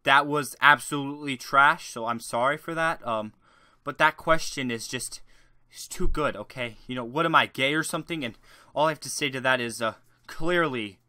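Young male YouTuber, crude rambling monologue, bright voice, dry close mic. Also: medium pitch, normal speed, dry recording. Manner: crude, rambling, shifts between shouting rants and mumbling. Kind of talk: joke Q&A monologue.

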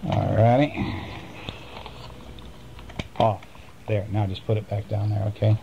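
Gravelly dad reading a bedtime story. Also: male voice, on the low side, level tone, slow, lo-fi sound, noisy background. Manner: gentle, chatty, coaxing questions. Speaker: father reading to his children.

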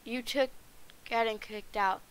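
A woman reading the part of a grumpy male ogre in a halting, flat read-through with frequent restarts. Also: on the high side, clean tone, natural voice, rough recording. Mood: grumbling.

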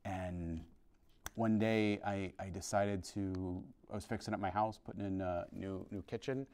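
A male priest telling his conversion story to a parish class in an earnest, halting way, with many restarts. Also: sits low, steady tone, darkish tone. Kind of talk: informal testimony to a parish class. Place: parish hall.

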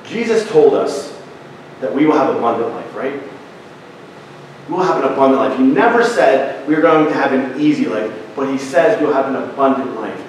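A man's voice: medium pitch, lively intonation, moderate pace, slight background noise. Man preaching in an echoey church. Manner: conversational preaching with asides and restarts. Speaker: pastor. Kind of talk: sermon. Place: church sanctuary. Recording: echoey church hall from a distance.

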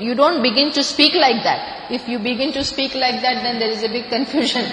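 Indian woman teacher, fairly high voice, lecture recorded in an echoey hall with faint room noise. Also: animated, normal speed, few pauses, a bit bright. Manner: explanatory, repeats key words, light laughs. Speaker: spiritual teacher. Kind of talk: scripture lecture.

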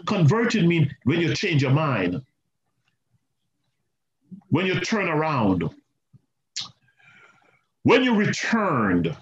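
A male pastor preaching a sermon, animated and repetitive, with asides to the congregation. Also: on the high side, extremely slow, long pauses. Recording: roomy, slightly muffled church recording.

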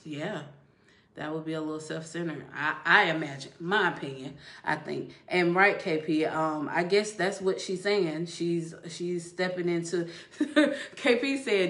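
A woman hosting a casual live-stream chat, relaxed and quick to laugh, chatting as she reads viewer comments. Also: lowish voice. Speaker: host. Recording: echoey room.

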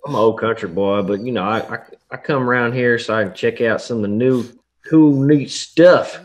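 A man's voice: mid-range voice, moderate pace, lightly acted. A man voicing a folksy old country boy visiting a convention, talking in an easygoing way.

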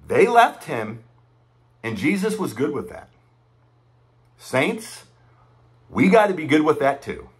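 A man's voice: fairly high pitch, a bit bright. A man giving impassioned, conversational preaching commentary, repeating his points with emphasis. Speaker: online preacher commenting on church news.

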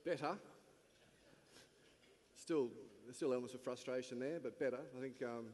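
A man speaking as a team's head coach, his answers measured and frank, often pausing on fillers. his voice sits at an ordinary pitch and carries a long reverb through a large hall. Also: darkish tone. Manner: measured, candid, with many fillers. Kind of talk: on-stage interview answers. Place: large function hall at a lunch event.

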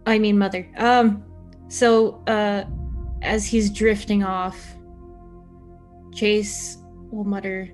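A woman's voice: mid-range voice, flat delivery, takes it slowly, long pauses, a little mellow, soft background music. A woman playing a tabletop role-playing game, cracking jokes in character and out. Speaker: player. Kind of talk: casual tabletop play.

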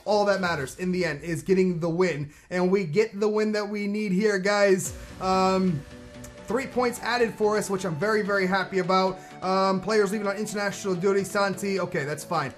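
Excitable high-voiced young gamer. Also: male voice. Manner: excitable, yelling at the game. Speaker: gaming video host. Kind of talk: let's-play commentary.

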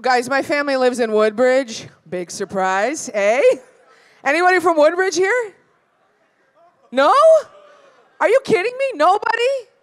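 A woman's voice: high voice, lively intonation, unhurried, long pauses. A woman doing a stand-up set at a live venue, brash and profane, teasing the crowd. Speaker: stand-up comedian.

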